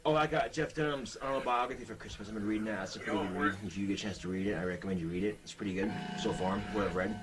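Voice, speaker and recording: A man's voice: on the low side, very fast, hardly any pauses, music in the background, poor audio. A young man talking casually into a webcam, rambling and blunt, swearing often. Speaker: vlogger.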